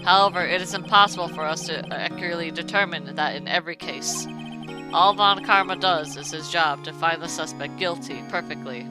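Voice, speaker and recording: A woman reading game lines as a cold, proud young male prosecutor, speaking in a lowered, measured and formal way. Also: close to an everyday voice, low-quality recording. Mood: cool, formal. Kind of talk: reading game dialogue aloud on stream. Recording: music playing behind.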